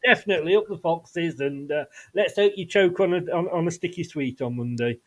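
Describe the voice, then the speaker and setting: Male podcast guest, cheeky teasing banter, somewhat high pitch. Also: a little fast, a bit bright. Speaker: podcast guest, fan channel host. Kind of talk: casual football podcast chat.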